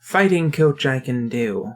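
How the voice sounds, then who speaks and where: Someone voicing a slow, sullen young man. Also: mid-range voice, expressive, faint music behind, lightly acted. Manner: curt, grumbling, dry humor. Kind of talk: tabletop role-play.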